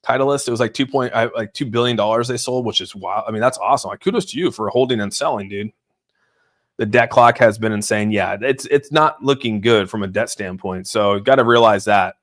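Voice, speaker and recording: A man hosting a casual crypto livestream, rambling excitedly about the markets, often saying "dude" and greeting viewers from the chat. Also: on the low side, a little fast. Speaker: crypto channel host.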